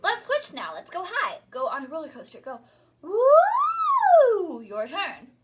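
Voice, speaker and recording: A woman voice teacher leading a recorded singing lesson, cheerful and encouraging, singing short warm-up demonstrations. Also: high-pitched, wildly swooping pitch, moderate pace, over music.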